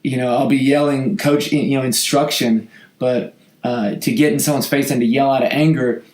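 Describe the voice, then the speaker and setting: A man with a slightly hoarse voice, a football coach hosting a podcast, answering questions in an earnest, heartfelt way with frequent restarts. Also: medium pitch, steady tone, normal speed, darkish tone. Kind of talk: casual podcast talk answering listener questions. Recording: roomy echo.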